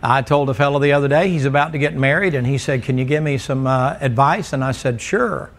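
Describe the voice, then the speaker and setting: A man's voice: mid-range voice, a little fast. A male preacher, delivering a folksy, joking sermon to a congregation in a church. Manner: folksy, joking storyteller who teases the congregation.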